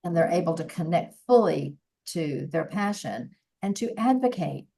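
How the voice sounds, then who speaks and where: A woman in her sixties, a voice coach, speaks as a guest on a podcast in a conversational interview, earnest and reflective, frequently restarting her sentences. Her voice sits on the low side with a dark, creaky tone, lively intonation, and a moderate pace.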